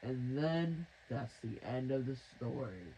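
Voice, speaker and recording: A man's voice: mid-range voice, measured pace, background noise. A man telling a rambling, crude, mock-dramatic improvised story.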